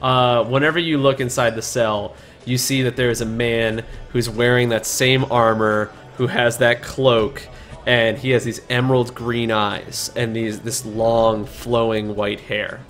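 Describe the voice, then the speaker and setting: A man acting as game master, narrating a tabletop game in a casual, halting way with fillers. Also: mid-range voice, flat delivery, fairly bright tone.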